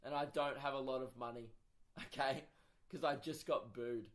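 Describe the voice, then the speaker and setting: A young Australian man, a comedian hosting his own podcast, tells a story in an exasperated, profane, animated rant. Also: medium pitch, moderate pace, a little hiss or hum. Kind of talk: casual comic storytelling monologue.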